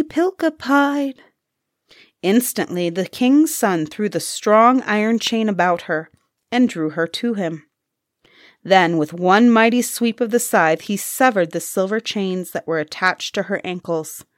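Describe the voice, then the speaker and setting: A woman reading a fairy tale aloud in a deliberate, expressive manner. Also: mid-range voice, no room sound, clean studio sound. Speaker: storyteller. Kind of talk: storybook reading.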